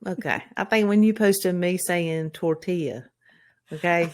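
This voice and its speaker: A woman's voice: lowish voice, a little slow, darkish tone. A plain-spoken woman in her forties with a North Carolina drawl, chatting as a podcast co-host. She is blunt and salty, tossing in swear words without a second thought. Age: 40s. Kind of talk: casual chat.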